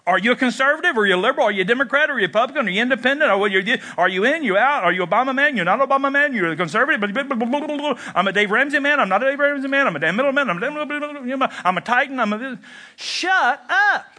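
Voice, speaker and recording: A man preaching a sermon, animated and jokey, jumping into mock voices and leaping in pitch. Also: very fast, hardly any pauses. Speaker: pastor.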